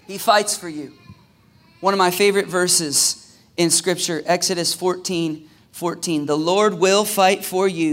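A preacher delivers a sermon in a bright, forceful voice. He drops to near-hushed, intimate passages, then climbs to ringing shouts on the big lines. He speaks to the congregation directly. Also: high voice. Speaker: pastor. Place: church service.

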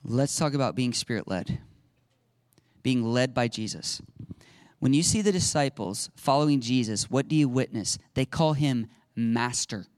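A man preaching a lively sermon as a pastor, acting out little scenes and laughing now and then. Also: medium pitch, a little slow, dry recording, clean studio sound. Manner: animated, acts out little voices and laughs often.

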